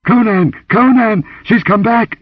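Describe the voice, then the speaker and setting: A man's voice: high voice, unhurried, dry recording, far from the mic, narrow, tinny audio, voice pushed up. A man putting on a frightened young woman. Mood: screaming. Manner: gasping, pleading, hysterical.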